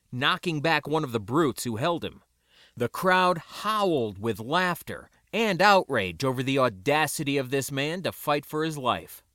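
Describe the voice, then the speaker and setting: A man narrating a first-person story aloud in an expressive reading. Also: medium pitch, no room sound, studio quality. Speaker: audiobook narrator.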